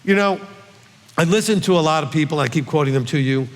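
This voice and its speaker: A man's voice: fairly high pitch, fast talker. A rabbi giving a conversational Bible teaching, earnest and coaxing, often checking in with his listeners. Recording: long hall reverb.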